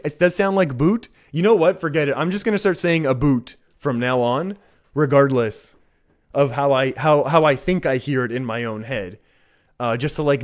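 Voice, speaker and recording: A Canadian man talks his way through a live game stream in a loose, conversational voice. His pitch sits right in the middle for a man. He rambles and laughs at himself, breaking off and restarting his sentences as he answers his chat. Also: a little mellow. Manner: chatty and self-deprecating, chuckles and restarts mid-sentence. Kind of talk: casual live-stream gameplay commentary.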